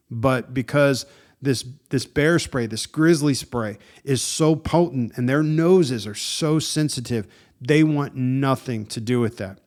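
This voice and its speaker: A relaxed male podcast host tells a story in a casual voice. His pitch sits in the middle of the male range. He talks in a loose, chatty way, dropping "dude" and "man" into his sentences. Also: measured pace. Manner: animated and conversational, with frequent "dude" and "man", laughs at himself.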